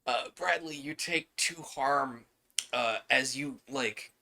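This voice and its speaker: A man leading a tabletop game as its game master, describing scenes at an unhurried pace. His voice is bright and forward, and his narration is loose, full of fillers and small chuckles. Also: mid-range voice, gravelly.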